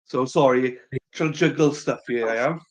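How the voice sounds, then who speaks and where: A woman's voice: rumbling low, normal speed. A woman chatting casually on a stream while minding a toddler, distracted and soothing as she narrates what is happening. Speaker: parent streamer.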